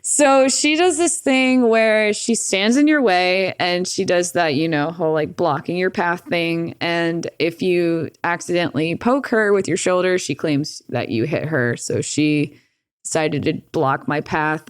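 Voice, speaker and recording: A woman's voice: lowish voice, unhurried, clear, resonant tone, dry recording, studio quality. A young woman telling a personal story in casual interview talk, candid and swearing often, with lots of "like". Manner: candid, profane, animated retelling with frequent "like". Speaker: podcast guest.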